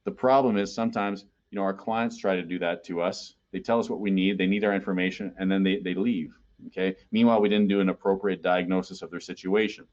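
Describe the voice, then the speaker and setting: Low-voiced man giving a sales webinar. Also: fairly even intonation, fast talker, darkish tone, dull audio. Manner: conversational, keeps checking in with "okay?". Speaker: sales trainer. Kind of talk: webinar presentation.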